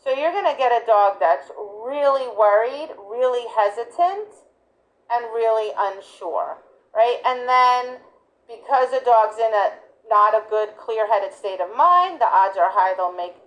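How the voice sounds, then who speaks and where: A middle-aged woman who trains dogs explains her approach in a relaxed, teacherly chat, with a voice that sits somewhat high. She keeps the listener engaged with "right?" and "guess what?". When she acts out praising a dog, her pitch shoots up with bright enthusiasm. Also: a little slow, rough recording. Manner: lively, jumps high for praise. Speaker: dog sports trainer and instructor. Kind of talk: casual teaching talk.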